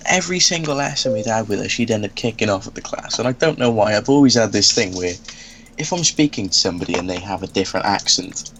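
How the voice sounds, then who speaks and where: A man's voice: fairly low pitch, fast, slight background noise. Sweary young man telling school stories. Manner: animated, sweary, laughs while telling. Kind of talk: casual storytelling.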